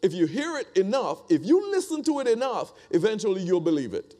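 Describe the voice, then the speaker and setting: A man's voice: high-pitched, big pitch swings, fairly quick, warm tone. A man preaching a conversational sermon, repeating phrases and asking the congregation rhetorical questions.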